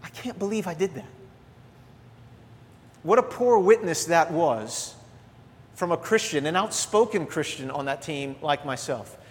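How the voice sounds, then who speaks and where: Preaching in a church sanctuary, this middle-aged pastor has a voice pitched a little high for a man and moves at a measured pace with long pauses. His delivery swings from lively, energetic exhortation to quiet confessional asides, all carried on a long reverb from the hall.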